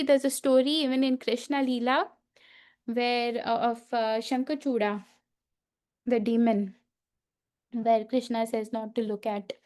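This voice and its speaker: A woman teaching a festival class, telling a sacred story slowly with frequent fillers and asides to her listeners. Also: fairly high pitch, a little mellow.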